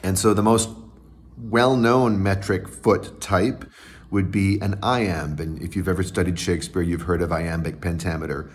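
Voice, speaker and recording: Podcast host guy, lowish voice, breaks down terms like a teacher. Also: steady tone, normal speed. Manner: teacherly, explains terms with examples. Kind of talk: explanatory podcast talk.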